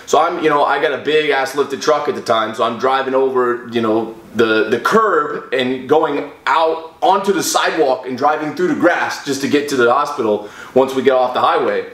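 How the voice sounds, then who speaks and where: A young man recounts a personal story to his viewers in a loose, rambling style, full of fillers and restarts. His voice sits at an ordinary middle pitch. The room around him is noticeably echoey. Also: normal speed, few pauses, a bit bright. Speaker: fitness vlogger.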